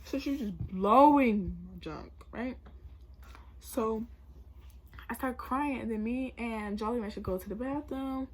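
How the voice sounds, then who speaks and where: Animated husky young woman telling a story. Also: fairly high pitch, unhurried. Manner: animated, acts out both sides with rising loud bursts. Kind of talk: casual storytime.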